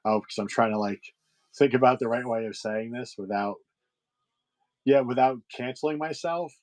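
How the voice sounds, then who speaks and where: A man's voice: medium pitch, moderate pace, a little mellow, poor audio. A middle-aged man hosting a livestream sale, chatting casually with viewers, rambling with lots of fillers and restarts. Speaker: livestream seller host.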